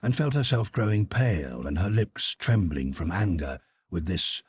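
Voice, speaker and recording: A man narrating an audiobook in an expressive, measured storytelling manner. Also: low voice, breathy edge. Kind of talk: scripted narration.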